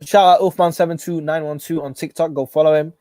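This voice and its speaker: A man hosting a live football watch-along, excitable and shouting at every chance. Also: fairly high pitch, quick pace, no room sound, studio quality.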